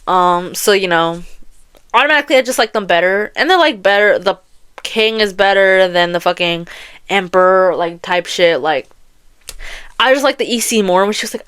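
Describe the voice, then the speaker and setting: A woman's voice: medium pitch, moderate pace, pauses often, smooth. A young woman hosting a podcast, chatting casually about audiobooks with lots of slang, swearing and laughter. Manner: animated, laughing, profane slang. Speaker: podcast host. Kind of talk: casual chat about books.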